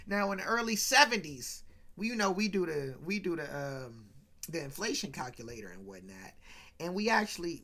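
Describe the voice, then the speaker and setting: A man's voice: big pitch swings, moderate pace, bright, forceful tone. Chatty man retelling a comedy sketch. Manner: chatty, asides to viewers, mimics quotes with pitch jumps. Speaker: podcast host.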